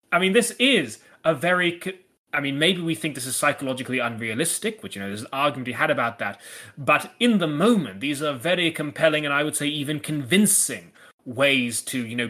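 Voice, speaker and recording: A man co-hosting a podcast, talking things through in a thoughtful, analytical way and often pausing to restart his sentences. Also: medium pitch, bright, forceful tone. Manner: thoughtful, hesitant, with frequent restarts. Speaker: podcast co-host. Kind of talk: casual analytical discussion.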